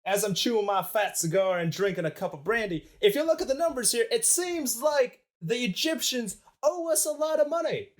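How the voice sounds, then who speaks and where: A man's voice: very high voice, big pitch swings, moderate pace, few pauses, voice pushed up. A man voicing a greedy, smug 1800s banker with an American accent, gloating over money owed to him. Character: greedy cigar-chewing male 1800s banker.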